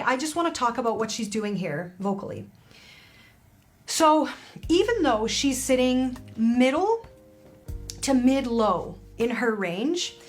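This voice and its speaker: Woman vocal coach, higher voice. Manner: analytical, demonstrates vocal techniques. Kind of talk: reaction video commentary. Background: faint music playing.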